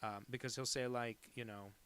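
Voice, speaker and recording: A man's voice: mid-range voice, steady tone, moderate pace, a bit bright, a little hiss or hum. A man cartoonist chatting casually while he draws live, rambling and joking with plenty of swearing. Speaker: cartoonist streaming live drawing. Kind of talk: casual chat.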